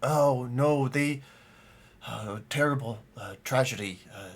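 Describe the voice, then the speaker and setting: A man's voice: medium pitch, slow pace. A man voicing an old, polite male gnome prisoner who stammers and hesitates a lot. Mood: hesitant.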